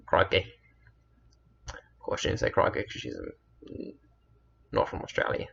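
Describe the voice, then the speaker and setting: A man's voice: on the low side, expressive, unhurried, vocal fry, pauses often, a bit bright, highs cut off, a little hiss or hum. A man telling a personal story in a meandering, earnest way, often correcting himself. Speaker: storyteller vlogger.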